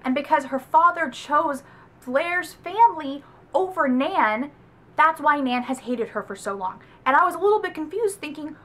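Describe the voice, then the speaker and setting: A woman's voice: high-pitched, moderate pace. A woman from the American South giving a casual, chatty book review vlog, with lots of "like" fillers. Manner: chatty, animated, heavy use of "like".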